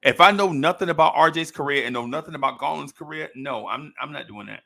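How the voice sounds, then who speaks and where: A man hosting a casual sports podcast, talking in an animated way, repeating phrases and laughing often. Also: on the high side, fast talker, creaky. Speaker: podcast host.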